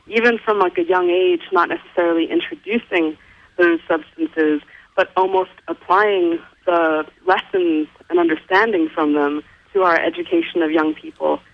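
A woman's voice: lowish voice, fairly even intonation, moderate pace, phone-quality sound. A woman speaking as a guest in a radio interview, talking in an earnest, reflective way.

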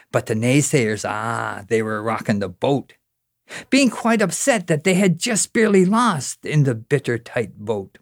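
A man from Newfoundland, Canada, with a Newfoundland accent and a voice on the high side, tells a story and then recites a rhyming spoken-word poem. His recital is rhythmic and dramatic, with rising, exclaiming lines, captured in clean studio sound with no echo.

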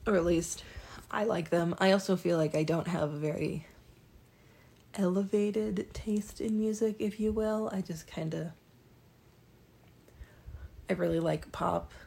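Young female vlogger, gravelly low-ish voice, loose self-deprecating ramble. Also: steady tone, measured pace, long pauses, warm tone. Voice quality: raspy, creaky. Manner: rambling, self-deprecating, many ums and restarts. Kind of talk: casual monologue.

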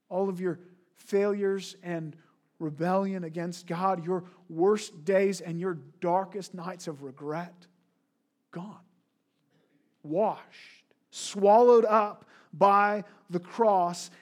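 A middle-aged man preaching a sermon with a fairly high voice. He is earnest and keeps asking his listeners rhetorical questions. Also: darkish tone. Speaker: pastor.

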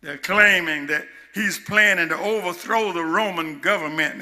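A male preacher, retelling a story to his congregation, swinging from shouted lines to hushed asides. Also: high voice, normal speed, few pauses. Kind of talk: sermon.

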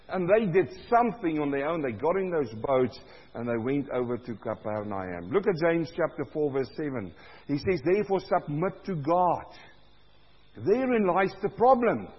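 A male pastor preaching a sermon, swinging between loud cries and low, quiet stretches, with a husky voice. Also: in a large hall, highs cut off.

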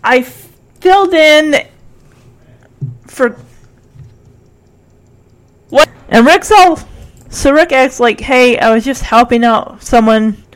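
Lady retelling a tv episode super animated, doing everyone's lines, kinda high voice. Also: takes it slowly, pauses often. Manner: animated storytelling, acts out characters' lines, frequent "like". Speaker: podcast host. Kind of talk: casual TV episode recap.

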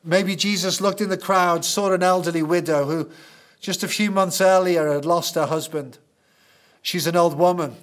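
Earnest male preacher. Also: fairly high pitch. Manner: storytelling, earnest and emphatic. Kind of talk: sermon.

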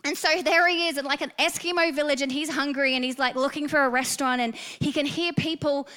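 A woman's voice: sits high, fairly even intonation, brisk, hardly any pauses, bright, forceful tone. A woman with an Australian accent preaching a sermon, earnest and storytelling, rising to fervent emphasis.

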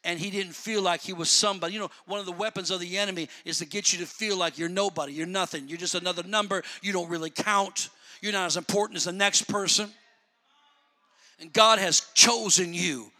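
A man preaching a sermon, swinging from soft, low asides to loud, fervent shouting. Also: steady tone, fairly quick. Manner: shouting, building to fervent peaks.

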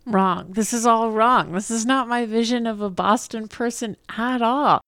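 A woman's voice: fairly high pitch, unhurried, fairly bright tone, no room sound. A New Yorker woman co-hosting a casual chat, playful and giggly, speculating with lots of laughter. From New York. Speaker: podcast co-host.

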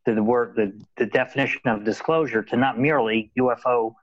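A man's voice: medium pitch, steady tone, brisk, no room sound. A man talking in a loose, rambling way, stumbling over repeated words as he goes. The sound is dull and lo-fi, with little room around it. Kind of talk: casual conversation. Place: Los Angeles.

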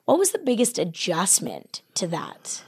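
A woman hosts a sports podcast. She reads a short introduction and then puts measured, friendly questions to her guest. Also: mid-range voice, wildly swooping pitch, a little mellow, breathy edge. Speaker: podcast co-host, interviewer. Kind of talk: scripted intro and interview questions.

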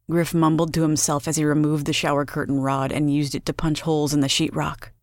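Low-voiced woman narrating a story. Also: level tone, no room sound, clean studio sound. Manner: measured storytelling. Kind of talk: scripted audiobook narration.

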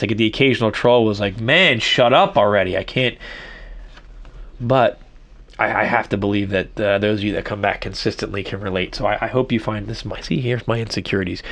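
A middle-aged man talks alone into his podcast mic, musing aloud and doubling back over his own words. His voice sits a little low and his talk is casual and unscripted. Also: a bit bright. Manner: rambling, self-reflective, frequent restarts. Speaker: podcast host. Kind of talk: casual solo podcast monologue.

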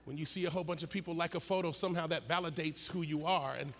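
High-voiced, bright male preacher in a hall. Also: fairly even intonation, fast. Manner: builds to shouted, sing-song preaching cadence. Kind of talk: sermon. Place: large conference hall. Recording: long hall reverb, faint ambient noise.

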